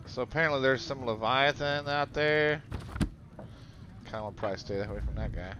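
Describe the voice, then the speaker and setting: A man's voice: mid-range voice, brisk, lo-fi sound, noisy background. Joking man streaming a game. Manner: joking, offhand. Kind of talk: casual game commentary.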